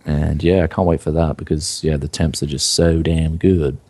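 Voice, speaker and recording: Brief: male co-host, very low voice, easygoing rambling chat about PC gaming. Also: steady tone, normal speed, darkish tone. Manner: laid-back, lots of fillers and "yeah". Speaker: co-host of a tech news show. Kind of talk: casual tech podcast chat.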